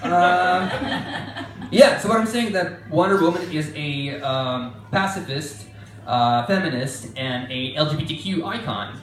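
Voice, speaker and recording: A man's voice: fairly high pitch, animated, unhurried. A man doing a sarcastic, exasperated stand-up rant in a mock court case at a live comedy venue. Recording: roomy hall sound, mic at a distance.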